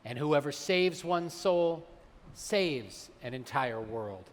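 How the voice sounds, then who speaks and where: A man, a rabbi, delivering a holiday sermon, slowing down and weighing his words when he quotes sacred texts. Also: on the high side, expressive, slight background noise. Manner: measured, slows for emphasis on quoted texts. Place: large synagogue sanctuary. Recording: long hall reverb.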